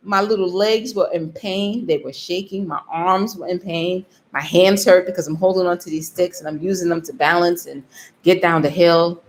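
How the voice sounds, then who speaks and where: A woman's voice: on the low side, moderate pace. A woman vlogger telling a story in a casual way, laughing often and acting out what she told herself. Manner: animated, laughs often, acts out her own inner voice.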